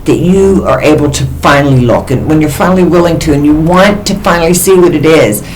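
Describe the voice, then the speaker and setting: A woman vlogger talking candidly and emotionally in a personal confessional monologue. Her pitch jumps suddenly in places. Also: fairly quick, darkish tone, slight background noise, low-quality recording.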